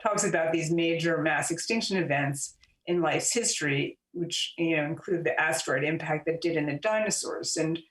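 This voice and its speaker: A woman author and journalist, a guest in an interview, giving long, measured explanations with frequent fillers. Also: sits low. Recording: roomy and distant from the mic.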